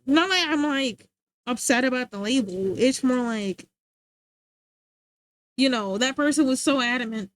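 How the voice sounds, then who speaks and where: A woman's voice: sits high, lively intonation, a little slow, long pauses, no echo. A young woman streamer chatting casually, rambling and laughing often.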